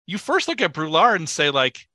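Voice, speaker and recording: A man co-hosting a podcast, discussing a film in an animated way, with chuckles and lots of filler words. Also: fairly high pitch, moderate pace, no room sound. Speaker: podcast co-host.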